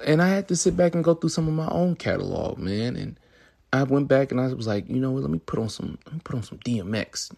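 A man's voice: mid-range voice, creaky, darkish tone, slightly rough. A young man hosting a podcast, talking in a rambling, swaggering, profane monologue, with crude jokes and mock-lecture asides. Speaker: podcast host.

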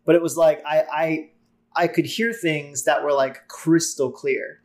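A man's voice: on the high side, fairly even intonation, a little slow. A man speaking as a podcast guest, easygoing and talkative, telling stories with many filler words. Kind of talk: casual conversational storytelling.

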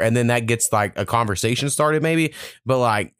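A man's voice: mid-range voice, brisk, fairly bright tone, no room sound, studio quality. A young man, hosting a casual podcast and telling long, profane, rambling stories. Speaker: podcast host.

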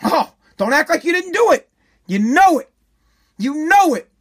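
At a measured pace and in a high, sing-song voice, a vlogger rants at viewers with profanity and sarcasm, scolding them and repeating lines for emphasis.

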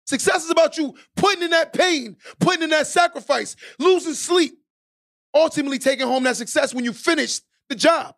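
On his podcast, a man with a very high, gravelly voice talks a little fast through a preachy motivational monologue. The delivery is emphatic, with key lines repeated and a build toward shouted exhortations.

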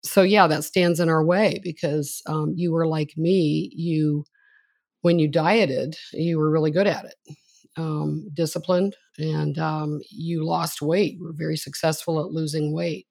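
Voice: medium pitch, fairly even intonation, unhurried, creaky, darkish tone, no echo. A podcast host introducing a guest and asking questions in a chatty, admiring, conversational way.

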